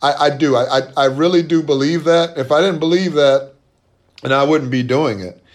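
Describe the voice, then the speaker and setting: A man's voice: on the high side, normal speed. A man speaking as an interview guest, earnest and emphatic, with frequent restarts as he makes his points. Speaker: guest, boycott organizer. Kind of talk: conversational interview.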